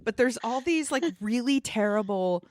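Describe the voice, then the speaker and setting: A woman's voice: a little high, animated, normal speed, dry recording, clean studio sound. A woman co-hosting a casual movie podcast, wryly recapping scenes and commenting as she goes. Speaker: podcast co-host. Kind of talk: casual chat.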